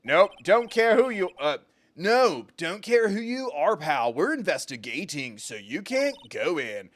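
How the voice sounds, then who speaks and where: A man voicing a bumbling police detective in a blustery, gruff way, reading game dialogue. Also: sits high, very animated, a little slow. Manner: blustery, calls people pal.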